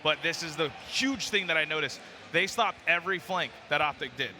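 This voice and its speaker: A man working as an esports analyst, giving an animated play-by-play recap of the match. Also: on the high side, brisk, in a large hall, background noise. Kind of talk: analysis desk chat.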